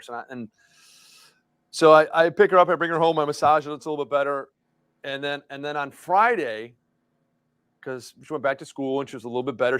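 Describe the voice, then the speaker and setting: A man's voice: mid-range voice, fairly bright tone, no echo. A middle-aged man co-hosting a live show, telling a long rambling story in casual chat. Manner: rambling storyteller, many restarts. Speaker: co-host.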